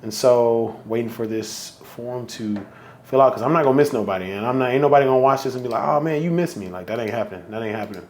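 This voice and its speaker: A man's voice: mid-range voice, quick pace, slight background noise. A man hosting a solo podcast, talking casually and with feeling, at times close to getting emotional. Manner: heartfelt, emotional, conversational. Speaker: podcast host.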